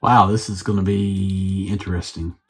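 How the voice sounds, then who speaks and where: A man's voice: low voice, little pitch movement, moderate pace, breathy edge, faint music behind. A man reviewing a toy on his own channel, rambling and thinking aloud as he fiddles with the figure. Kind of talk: casual unscripted review.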